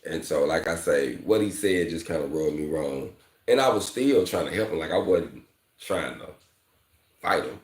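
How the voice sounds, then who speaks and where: Male welding coach, very deep voice, speech, loose slangy vlog chat, echoey room. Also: animated, moderate pace. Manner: candid, repeats "fam" and "you know", slangy. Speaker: welding instructor. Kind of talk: casual vlog talk to viewers.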